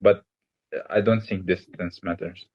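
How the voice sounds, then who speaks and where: A man's voice: deep voice, steady tone, moderate pace, lo-fi sound. A man from Egypt answering interview questions, hesitant, with many fillers and restarts.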